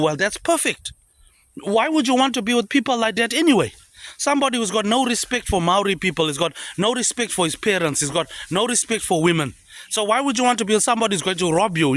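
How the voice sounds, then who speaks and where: Kiwi guy ranting on and on, high voice, lots of ups and downs, keeps saying mate eh. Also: fairly bright tone, dry recording. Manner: repetitive, trailing "mate, eh" tags dropped low. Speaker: vlogger. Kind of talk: rambling monologue.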